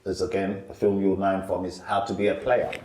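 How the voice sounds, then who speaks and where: A middle-aged male stand-up comedian, telling animated stories in a casual interview. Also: fast talker, roomy sound. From England. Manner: animated, lively storyteller who jumps up in pitch for quotes.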